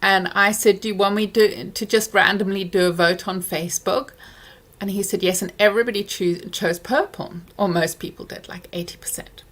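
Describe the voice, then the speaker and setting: Candid woman vlogger talking to camera. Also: moderate pace. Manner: candid, reflective, recounts dialogue with lively pitch swings. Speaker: vlogger, parent. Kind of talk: casual chat to camera.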